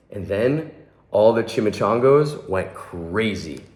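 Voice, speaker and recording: A young man with a fairly low voice reads a picture book to children. He pauses to point out what is happening in the pictures. The recording is roomy and echoing. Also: lively intonation, a little mellow. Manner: adds friendly asides about the pictures. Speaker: children's hospital volunteer reader. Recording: echoey room.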